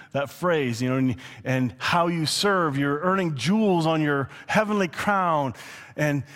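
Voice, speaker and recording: Guy preaching at church, kinda high voice, chatty, laughs a bit, big echoey hall. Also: fairly bright tone. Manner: conversational, chuckling, slows down to read scripture. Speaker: pastor. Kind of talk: sermon. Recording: long hall reverb.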